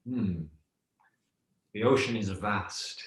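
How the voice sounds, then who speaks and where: A man voicing a calm, wise frog from the ocean who explains things slowly and patiently. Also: on the low side. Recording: roomy echo.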